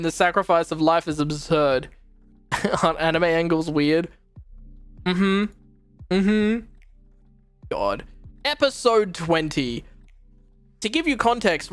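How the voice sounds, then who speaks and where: A woman's voice: lowish voice, no room sound. A young woman streaming, giving casual, profane and exasperated reaction commentary on a show. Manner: exasperated, profane, animated retelling.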